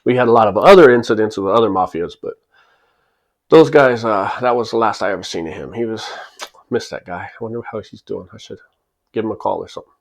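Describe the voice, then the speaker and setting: A man's voice: lowish voice, quick pace, gravelly. A man in his forties who tells a personal story in a casual, chatty way and chuckles and acts out the people in it as he goes. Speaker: channel host telling a personal story. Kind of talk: casual spoken anecdote.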